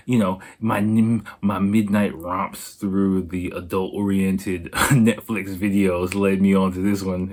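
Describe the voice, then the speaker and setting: A man with a deep, low-pitched voice hosting a podcast solo. He talks in a loose, rambling way, swearing freely and circling back with fillers and restarts. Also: a little mellow. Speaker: podcast host. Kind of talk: casual rambling monologue.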